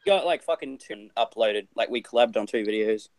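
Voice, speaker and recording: A man's voice: fairly low pitch, moderate pace, no room sound. A man with an Australian accent co-hosting a casual podcast, loose and sweary. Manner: loose, with frequent swearing and fillers. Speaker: podcast co-host. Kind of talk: casual chat.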